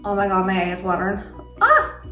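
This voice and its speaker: A woman's voice: mid-range voice, huge pitch swings, fairly quick, over music. A young Irish woman chatting through a makeup tutorial at home, rambling and gushing about products with frequent laughs. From Ireland. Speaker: beauty vlogger. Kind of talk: casual makeup tutorial and Q&A chat. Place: home room, kids nearby. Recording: roomy sound from a distance.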